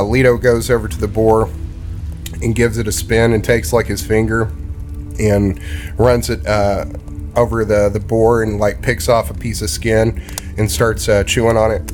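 A man's voice: on the low side, level tone, moderate pace, a little mellow, soft background music. A man narrating a tabletop game as game master, with frequent fillers.

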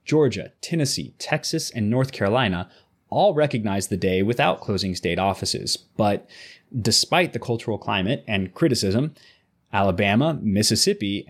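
A man with a husky, slightly rough voice talks in a casual podcast discussion. His pitch swings widely, jumping up sharply when he presses a point. He alternates between loose chat and reading news passages aloud. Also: moderate pace. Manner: animated, voice jumps up when making a point. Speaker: podcast co-host.

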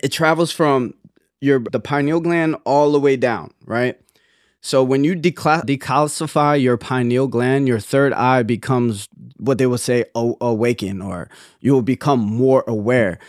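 In casual podcast chat, this young co-host rambles earnestly and keeps restarting his sentences. He speaks unhurriedly in a mid-range voice, recorded dry and close without echo.

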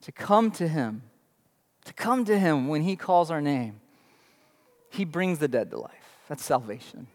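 Man, young adult, pastor, sermon, high-pitched, emphatic rhetorical questions, reverberant hall. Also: expressive, measured pace, darkish tone. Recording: long reverb in a large hall.

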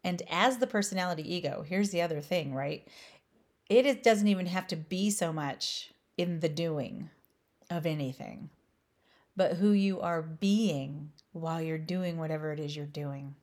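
Woman, spiritual teacher, lowish voice, slow emphatic questions. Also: darkish tone. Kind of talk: inspirational spiritual talk.

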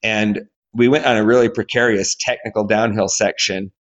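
A man in his forties from Alaska tells his story as a podcast guest, slipping into acted-out quotes and stumbling over restarts as he goes. His voice sits low. The recording sounds dull and lo-fi. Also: moderate pace. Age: 40s. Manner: animated storyteller, acts out quotes, frequent restarts. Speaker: guest athlete.

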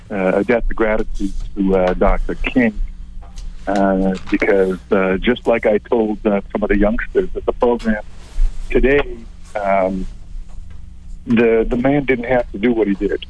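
Middle-aged male guest, husky, low-pitched, hesitant, phone audio. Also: a little mellow. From abroad. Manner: halting, many fillers. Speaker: city council president, guest. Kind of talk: phone-in interview. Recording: dull phone line.

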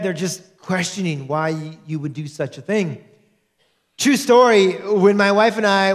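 An earnest male pastor in his thirties with a noticeably high voice. He prays with feeling and then preaches in a conversational way, acting out the people in his stories as he tells them. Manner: earnest, conversational, acts out quotes in his storytelling. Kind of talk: sermon with opening prayer.

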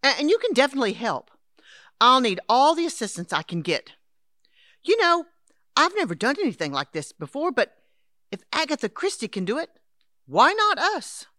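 An actress playing Henrietta, a brisk, patronizing elderly woman in an audio drama. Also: high voice, wildly swooping pitch, bright, forceful tone, no echo, clean studio sound, full character voice. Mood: eager. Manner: brisk, patronizing, calls others dear and darling. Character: scheming elderly woman, Henrietta, would-be crime writer.

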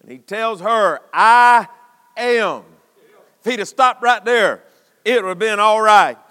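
A man preaching a sermon, building to shouted emphasis with long dramatic pauses. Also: high-pitched, animated. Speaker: pastor. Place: church sanctuary. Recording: long reverb of a church hall.

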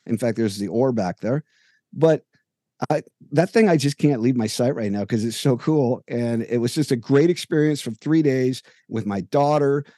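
Podcast guy rambling through a long story, warm mellow voice, dry sound, does all the dialogue himself. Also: medium pitch, moderate pace, no room sound. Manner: long, detailed anecdotes with lively retold dialogue. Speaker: podcast co-host. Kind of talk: casual storytelling chat. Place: home room with jerseys on the wall.

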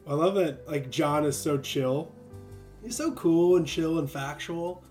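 A young man in casual conversation about faith, animated and laughing often, acting out quick voices. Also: a little high, faint music behind.

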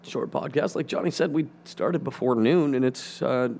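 A man's voice: medium pitch, moderate pace, creaky, a little mellow. A man co-hosting a casual podcast, profane and teasing, laughing often as he banters. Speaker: podcast co-host.

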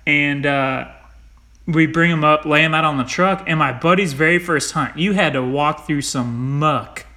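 Animated, bright-voiced man chatting about hunting. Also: on the high side, moderate pace. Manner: animated, swears lightly, laughs while telling stories. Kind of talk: casual chat.

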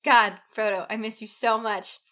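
A woman co-hosting a comedy podcast reads fan fiction aloud with dramatic flair, giggling often and breaking into laughter and off-key singing. Her voice is on the high side, steady, and fairly bright, at normal speed.

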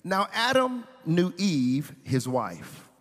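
A man's voice: high voice, big pitch swings, takes it slowly, a bit bright, big-room sound. A man preaching a sermon as pastor, reading scripture and building intensity with playful asides. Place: church sanctuary.

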